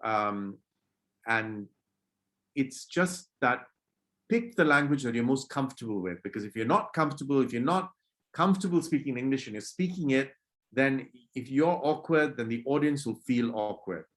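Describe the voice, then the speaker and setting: A man leading an online public speaking workshop for children over a video call, acting out greetings to show different moods and gently scolding kids who disrupt. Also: medium pitch, lively intonation, normal speed. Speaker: workshop presenter.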